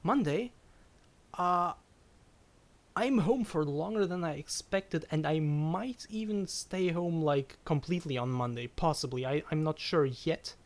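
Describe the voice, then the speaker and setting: A woman's voice: low-pitched, unhurried. Woman streamer, casual chat, giggly, stammering restarts, self-deprecating, swears when surprised. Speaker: game streamer. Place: at home.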